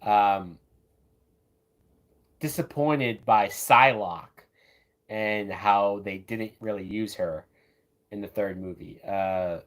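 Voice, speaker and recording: Watching a movie and commenting on it live, this man speaks slowly in a lowish voice, leaving long pauses. His talk is relaxed and chatty, heavy on "man" and "like."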